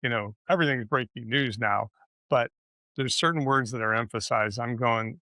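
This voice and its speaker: Guy cohosting a car podcast, bright tone, says "right?" a lot, dry mic. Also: mid-range voice, normal speed, no room sound. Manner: conversational, frequent "right?" tags. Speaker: podcast co-host. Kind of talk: casual podcast conversation.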